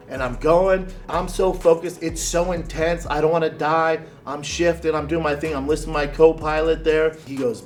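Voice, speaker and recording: A man hosting a vlog, telling an animated, crude story in a casual way. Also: fairly high pitch, normal speed, soft background music. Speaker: host.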